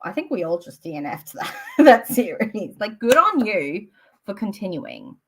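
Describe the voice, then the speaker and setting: A young woman in her late twenties, chatting away on a live book stream. Her pitch swings up and down a lot. She rambles casually and fills her talk with "like" and "um". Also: sing-song, normal speed. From Australia. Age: late 20s.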